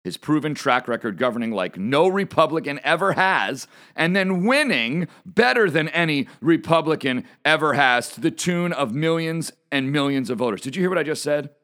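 A man's voice: fairly high pitch, animated, normal speed, fairly bright tone. A middle-aged man giving an opinionated political monologue as a commentator, emphatic and repeating his points with rhetorical questions.

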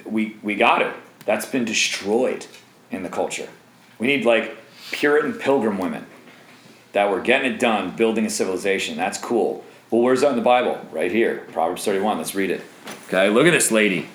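A man in his thirties preaching a sermon in an animated, joking way, with asides to the crowd. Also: lowish voice, normal speed, echoey room, slight background noise, poor audio. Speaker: pastor.

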